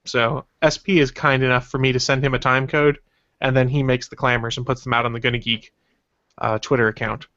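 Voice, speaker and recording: A man hosting a casual podcast chat, talking at an everyday pitch with a rambling, self-conscious manner. The audio is dull and lo-fi. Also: level tone, a little fast, fairly bright tone. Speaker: podcast host.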